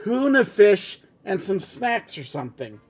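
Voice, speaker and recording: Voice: medium pitch, big pitch swings, measured pace, husky. A reader voicing an easygoing grown man from a family script in a plain, casual reading.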